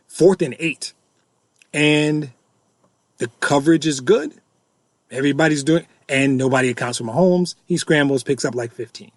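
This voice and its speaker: A middle-aged man hosts a sports fan podcast in an exasperated rant, circling back to the same complaints again and again. His voice sits a little higher than most men's. The sound is dry and close, with no room echo. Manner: exasperated, repetitive, ranting. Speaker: podcast host.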